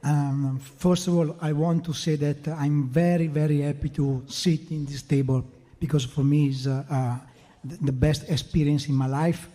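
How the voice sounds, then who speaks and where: Italian exec guy, broken english, all choked up, warm voice. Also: a little high, steady tone. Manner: emotional, halting non-native English. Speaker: promotion executive. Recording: reverberant hall.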